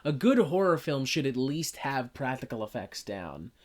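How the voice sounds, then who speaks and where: A woman with a notably low voice talks in a loose, casual chat. She rants in an animated way, swears freely and mocks the things she describes. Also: moderate pace. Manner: animated, profane, mocking impressions. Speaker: podcast co-host reviewing a film.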